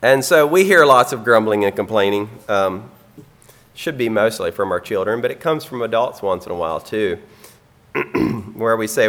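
A man delivers a sermon in a slightly low voice. He speaks earnestly and plainly, pausing often on ums and now and then clearing his throat. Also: expressive, fairly bright tone. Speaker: preacher.

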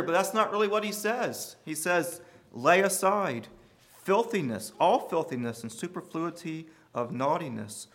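Preaching earnestly at normal speed, a male pastor with a slightly higher-than-average voice repeats phrases to drive his points home. He swings from sudden, forceful emphasis down to a near murmur.

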